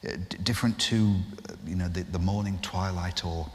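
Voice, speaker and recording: A man, a guest impressionist, telling an animated anecdote on a festival stage in front of an audience. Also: deep voice, fairly quick. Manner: animated storyteller, restarts. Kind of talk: live podcast anecdote. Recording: live hall reverb with faint noise.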